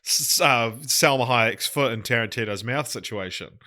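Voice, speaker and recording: A man's voice: mid-range voice, normal speed, bright, forceful tone. A man co-hosting a casual film podcast, making wry asides and chuckling. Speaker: podcast co-host. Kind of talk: casual film review chat.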